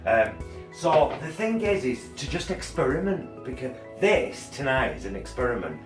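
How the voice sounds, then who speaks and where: A man's voice: mid-range voice, very animated, normal speed, echoey room, distant mic, over music. A man co-hosting a casual home cooking video, chatting through a recipe with plenty of ums and uhs. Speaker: cooking channel co-host. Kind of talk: casual cooking demo chat.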